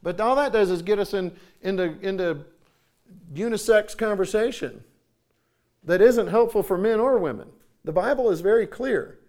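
A male preacher delivers his sermon through stories, his voice sitting a little high for a man. He pauses now and then to clear his throat and keeps a conversational storytelling flow. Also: lively intonation, darkish tone.

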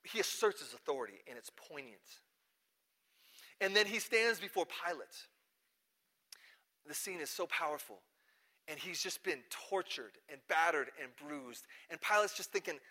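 A male pastor preaching a sermon, animated, acting out the people in the story as he goes. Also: on the high side, normal speed.

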